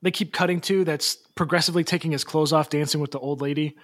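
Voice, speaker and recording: A podcast host leading a casual chat about a film, with relaxed, hesitant phrasing. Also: mid-range voice, fast talker.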